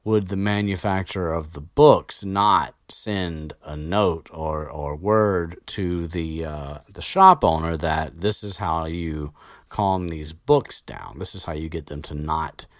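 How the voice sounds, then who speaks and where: A man with a very deep voice talks through a book recap in a loose, meandering way, stumbling over restarts and swearing offhandedly. The recording is dry, with no room sound. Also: slow pace, no room sound. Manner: rambling, full of fillers and restarts, swears offhandedly. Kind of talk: casual book recap chat.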